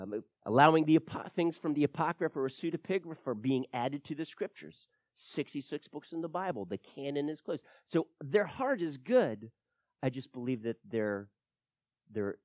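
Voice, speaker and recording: A man preaching a verse-by-verse sermon, emphatic and animated, at times repeating words as he stresses a point. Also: fairly high pitch, dry recording, clean studio sound.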